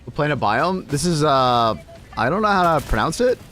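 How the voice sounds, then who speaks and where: A man's voice: on the high side, animated, normal speed, fairly bright tone, soft background music. A man chatting casually on a game live stream, talking to his cat and swearing now and then.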